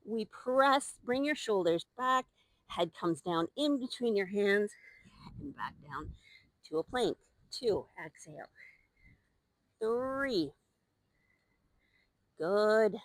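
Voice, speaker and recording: A woman's voice: mid-range voice, expressive, takes it slowly, long pauses, no room sound. A young woman leading a Pilates workout, out of breath as she exercises along, counting reps and giving encouraging cues. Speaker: Pilates instructor. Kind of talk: live workout instruction with counting. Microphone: new microphone.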